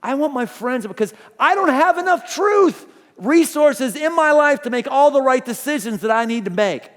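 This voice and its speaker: A man's voice: very high voice, expressive, normal speed. A middle-aged male pastor preaching a sermon in a chatty, storytelling way. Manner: conversational storytelling, acts out quoted voices. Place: large church auditorium. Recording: long reverb of a large hall.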